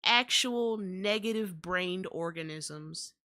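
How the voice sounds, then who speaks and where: A woman's voice: on the low side, slow, pushed and bright. A young adult woman hosting a podcast, ranting in exasperated, profane commentary. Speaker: podcast host.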